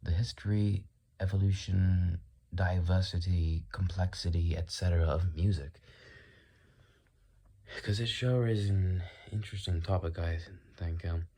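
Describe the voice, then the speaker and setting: Deep-voiced man in a put-on British accent. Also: measured pace, breathy edge. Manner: calm, musing, inquisitive tone. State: dry mouth. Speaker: video creator. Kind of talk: rambling solo monologue.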